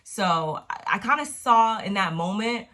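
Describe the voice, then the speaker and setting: A woman recapping a TV episode in a casual, slangy, profane way, with animated retellings. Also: medium pitch, measured pace. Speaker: TV recap vlogger.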